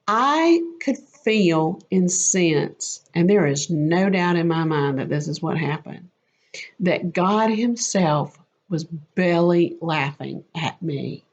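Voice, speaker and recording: A woman telling a lively, self-mocking personal faith story as a testimony. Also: lowish voice. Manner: animated, quick and self-mocking. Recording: slightly muffled lo-fi audio.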